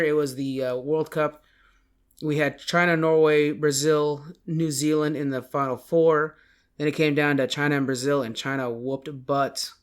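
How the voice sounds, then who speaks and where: A man with a somewhat high voice hosts a casual gaming podcast. He rambles through results, often stopping to correct himself mid-sentence. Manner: rambling, self-correcting esports recap. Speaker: podcast host.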